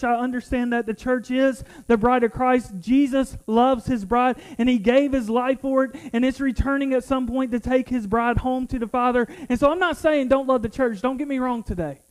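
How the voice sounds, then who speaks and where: A middle-aged man with a strikingly high voice preaches an earnest, personal sermon. He often stumbles and repeats words as he restarts a thought. He sounds like a pastor talking to his own congregation. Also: low-quality recording.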